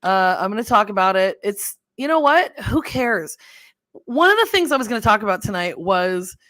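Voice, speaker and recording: A woman's voice: mid-range voice, sing-song, normal speed, fairly bright tone, no echo. Chatty woman hosting a dry-sounding livestream. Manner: chatty and rambling, laughs often, fumbles with settings. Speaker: livestream host. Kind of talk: casual livestream chat.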